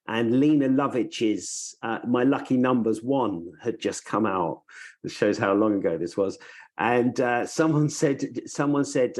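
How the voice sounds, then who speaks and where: Male podcast host, thoughtful and meandering, mid pitch. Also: darkish tone. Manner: thoughtful, meandering, restarts sentences. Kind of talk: casual podcast chat.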